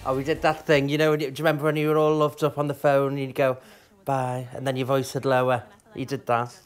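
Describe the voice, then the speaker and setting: A man's voice: mid-range voice, level tone, fast talker, clean tone, faint music behind. A male drag queen gossiping cheekily and swearing while reacting to a dating show. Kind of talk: bawdy casual chat.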